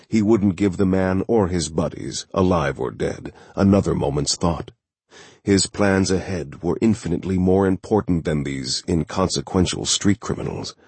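A man narrating a thriller audiobook in a steady, measured way. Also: deep voice, husky, no echo.

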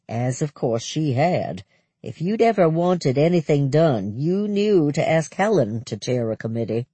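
Husky, expressive audiobook narrator. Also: medium pitch, moderate pace, dry recording. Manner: expressive, storytelling. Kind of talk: first-person novel narration.

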